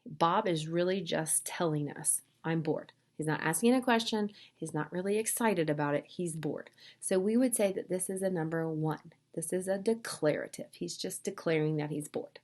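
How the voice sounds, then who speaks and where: A woman teacher giving an English lesson to language learners, speaking clearly and upbeat, reading example sentences aloud with expression. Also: lowish voice, moderate pace, darkish tone.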